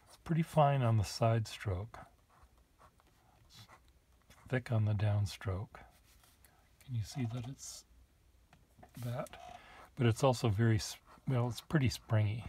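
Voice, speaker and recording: A man demonstrating pen nibs muses aloud for the camera as he writes at his desk, showing off his collection with casual little asides. His voice is lowish and warm, and a little hiss or hum runs underneath.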